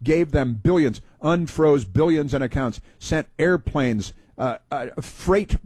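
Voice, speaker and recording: A man's voice: a little high, takes it slowly, darkish tone, slightly rough, dry recording. A man hosting a talk show, giving sarcastic, rambling political commentary with many fillers. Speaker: talk radio host.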